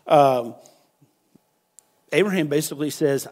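A pastor delivering an impassioned sermon. He swings from hushed, quiet stretches to loud, emphatic peaks. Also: mid-range voice, a little slow, long pauses. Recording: long hall reverb.

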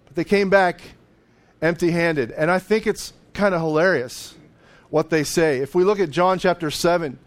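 A man's voice: fairly high pitch, moderate pace. Conversational male pastor preaching. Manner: conversational, acts out voices of biblical figures, with laughs. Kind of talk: sermon.

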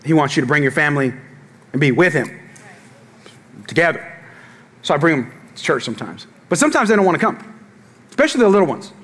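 A middle-aged man preaches with a lively, swinging delivery and a slightly high voice. He tells jokes and stories and calls out to his congregation for a response. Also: fast, long pauses, slightly rough. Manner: animated, joking storytelling to the congregation. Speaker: pastor. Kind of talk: sermon.

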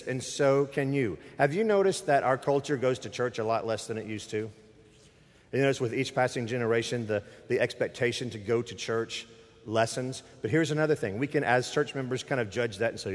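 A middle-aged male pastor preaching into a microphone, with a voice of ordinary pitch for a man. He makes emphatic, conversational appeals straight to his congregation. A long reverb trails off the church walls behind him. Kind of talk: sermon. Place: church sanctuary.

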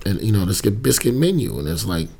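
A man in casual chat telling an animated, profane story. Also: on the low side, fast talker, creaky, breathy edge. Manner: mimics people in voices while telling stories.

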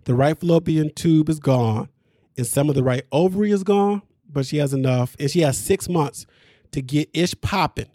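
A man hosting a podcast, recapping a reality show in casual, slangy talk, animated and laughing often. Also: a little high, moderate pace, no echo, studio quality.

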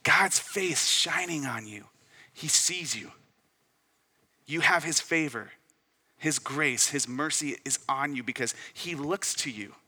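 A young man preaching a sermon as pastor, rising to loud emphatic peaks and dropping to soft hushed asides. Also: fairly high pitch, takes it slowly, slightly rough, in a large hall.

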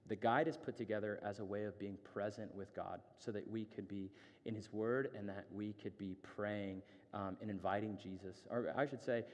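A man's voice: on the low side, darkish tone, in a large hall. A man, a pastor, giving a conversational sermon with many fillers and asides. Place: church hall.

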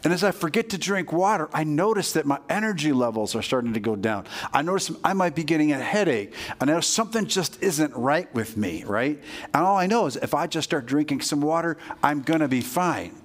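A man's voice: on the high side, lively intonation, brisk. A pastor preaching a sermon to his congregation with energy, often checking in with "all right".

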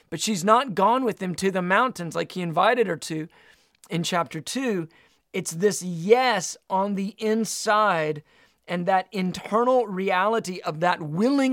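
A man's voice: high voice, dry recording, studio quality. A man preaching a sermon, reading scripture aloud and teaching with emphatic delivery.

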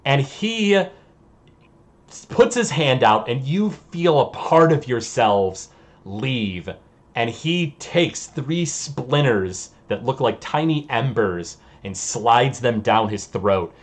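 A man narrating as game master of a tabletop game, slow and deliberate, sometimes searching for words. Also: mid-range voice, lively intonation.

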